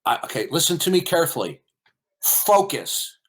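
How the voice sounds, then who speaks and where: A man's voice: on the high side, sing-song, normal speed, fairly bright tone. A man hosting a heated online voice-chat debate, lecturing emphatically and interrupting with repeated questions. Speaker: debate host.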